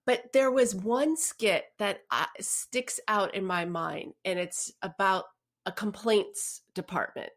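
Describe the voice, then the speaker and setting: A woman co-hosting a podcast, chatting casually and telling stories in an expressive way, often laughing. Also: mid-range voice, slow pace. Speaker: podcast co-host. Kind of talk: casual chat.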